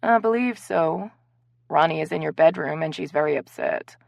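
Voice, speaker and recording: A woman's voice: low-pitched, moderate pace, creaky, no echo. A woman narrator voicing a curious, dry-witted female housemate in an audiobook.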